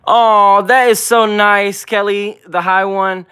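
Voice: medium pitch, steady tone, slow, hardly any pauses, pushed and bright, clean tone. A pet channel host chatting on a casual livestream, greeting viewers by name, reading out comments and cooing at the dogs. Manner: affectionate baby talk with the dogs.

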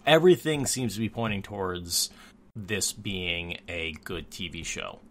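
Podcast host, male, lowish voice, animated, laughs easily. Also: measured pace, a little hiss or hum. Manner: animated, laughs often, restarts sentences. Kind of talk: casual podcast chat.

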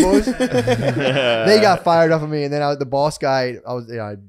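A man in his thirties co-hosting a podcast, spinning a story in casual, profane talk. He jumps into the voices of the people he quotes, swinging from low mutters to loud bursts. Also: moderate pace, crowd noise. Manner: profane, animated, acts out quotes. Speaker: podcast co-host.

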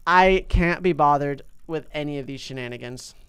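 A man hosting a mobile game commentary, chatty and excitable, talking to the on-screen fish and jumping up in pitch and loudness when something goes wrong. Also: moderate pace, clean tone. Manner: big jumps in pitch and loudness when upset. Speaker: gaming channel host.

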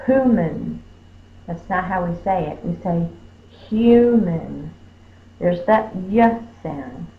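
Lady teacher sounding out words real slow, kinda low voice, roomy dull recording. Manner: sounds words out slowly, stretching syllables. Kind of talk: slow phonics lesson.

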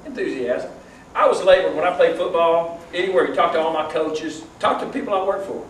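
A man giving a lively, joking motivational talk to an audience and leading them through an exercise. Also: fairly high pitch, fairly quick, slight background noise. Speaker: motivational speaker. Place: large hall with audience. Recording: echoey hall from far off.

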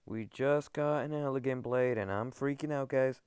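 A man records gameplay commentary in a dry, close-miked sound with no room around his voice. His voice is smooth and clear. He tumbles over his words, stammering and repeating phrases as he talks straight to his viewers. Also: mid-range voice, moderate pace, a little mellow, no echo. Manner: overexcited, stammering, repeats himself, addresses viewers as guys. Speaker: gaming video creator.

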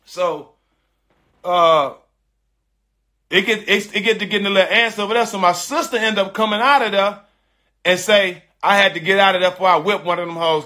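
A middle-aged man spins a personal story for his online audience, animated and emphatic, with plenty of swearing and repeated phrases for weight. His voice sits a little high and rings bright and forceful. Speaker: former pro basketball player.

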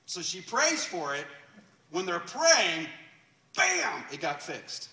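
A man preaching a sermon in a church and telling a story in a loose, chatty way, with fillers and quick laughs. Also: on the high side, big pitch swings, sharp tone. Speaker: pastor. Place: church sanctuary. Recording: echoey church room, distant mic.

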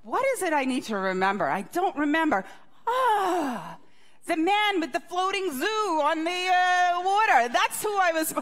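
A woman's voice: extremely high pitch, animated, a little slow, a bit bright, voice pushed up, full character voice. A woman voicing a forgetful, absent-minded God who is muddled and groping for a lost memory. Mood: puzzled.

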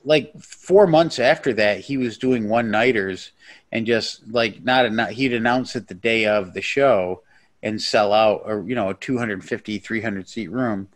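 A man's voice: on the low side, a little slow. A man, a stand-up comedian, chatting as a guest on a podcast in a blunt, rambling, profane way. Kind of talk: casual podcast chat.

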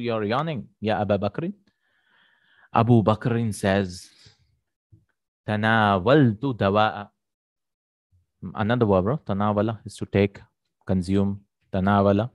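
Low-voiced man explaining an Arabic lesson. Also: no room sound. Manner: checks in with "right?" and "hmm?", repeats Arabic words slowly. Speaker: Arabic teacher.

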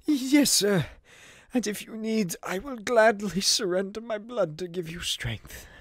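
A man's voice: high-pitched, unhurried, a bit bright, dry recording, clean studio sound, voice pushed up. A man voicing a loyal, devoted elderly male butler who stammers and pleads, in a comic recap. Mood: pleading. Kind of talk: comedic comic recap voice acting.

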